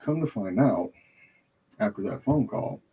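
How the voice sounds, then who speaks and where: A man's voice: lowish voice, animated, a little slow, muffled recording, slight background noise. A man hosting a podcast, telling a heated, profane story in casual chat, swearing constantly. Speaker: podcast host.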